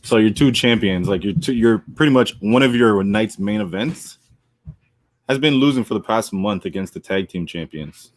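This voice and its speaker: Animated man, dry close sound. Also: fairly low pitch, moderate pace, no room sound. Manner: animated, laughing, argumentative. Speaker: podcast co-host. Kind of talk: casual chat.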